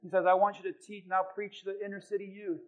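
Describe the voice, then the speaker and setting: High-voiced pastor preaching with animated stories. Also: male voice, fast talker, phone-quality sound. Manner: animated storytelling, acting out quoted voices. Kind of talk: sermon. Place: church.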